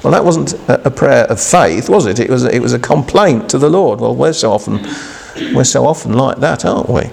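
A man preaching an informal devotional sermon, halting and conversational, often restarting and asking rhetorical questions. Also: mid-range voice, expressive, creaky, a little mellow.

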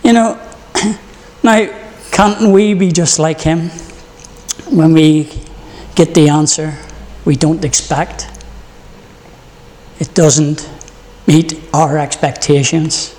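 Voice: mid-range voice, fairly even intonation, takes it slowly, pauses often, a little mellow, big-room sound. A preacher opening with prayer, then delivering an earnest morning sermon with stories.

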